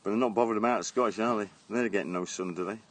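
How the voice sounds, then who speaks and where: Racing along in a voice on the low side, a middle-aged English man livestreams casually from his garden, his phone held at arm's length, speaking bluntly with frequent laughs and swearing.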